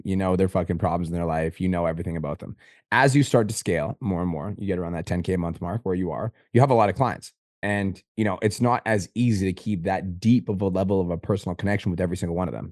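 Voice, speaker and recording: A low-voiced Canadian man coaching at a rapid clip, blunt and peppered with swearing. His Canadian English accent is easy to hear, and his voice is close and dry, with almost no room sound. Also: no room sound. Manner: blunt, profane, fast and animated. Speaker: business coach and host. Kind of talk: casual coaching call.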